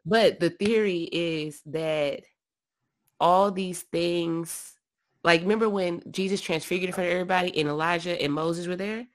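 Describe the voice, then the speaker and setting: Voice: mid-range voice, moderate pace. A person in casual chat about scripture, rambling and correcting themselves while thinking aloud.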